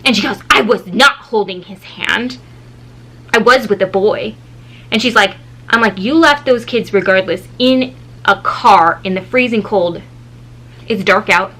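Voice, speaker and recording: A woman in her thirties, a mother and vlogger, telling a story in a casual, animated way and acting out the people in it. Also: unhurried, rough recording. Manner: animated, acts out quoted people with shifting pitch.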